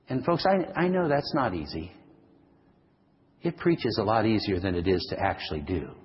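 A man preaching a sermon as pastor, moving between loud, rising calls and quiet, slow passages. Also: long reverb tail, dull audio. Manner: dynamic preacher, swings from booming to hushed.

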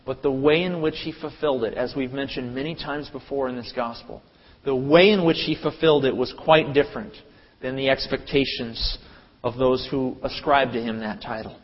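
A man preaching a sermon, animated, acting out crowd voices with sudden loud bursts. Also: medium pitch, moderate pace. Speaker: pastor. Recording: dull lo-fi audio with long hall reverb.

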